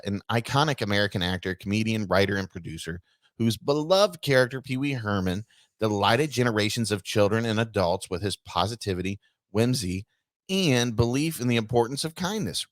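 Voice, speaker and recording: A man's voice: lowish voice, fairly bright tone, dry recording, studio quality. A man co-hosting a casual podcast, reading a news article aloud and stumbling over words with offhand asides. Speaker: podcast co-host.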